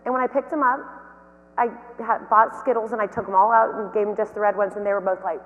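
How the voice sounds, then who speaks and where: A woman giving a motivational keynote talk, telling anecdotes in a lively, storytelling way. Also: medium pitch, quick pace, dull audio. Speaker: keynote speaker and company founder. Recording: long hall reverb.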